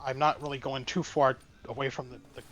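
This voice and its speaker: A man's voice: mid-range voice, level tone, brisk, fairly bright tone. A man who is a streamer guest, casually telling a story in a rambling way full of restarts. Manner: rambling, with many restarts and fillers.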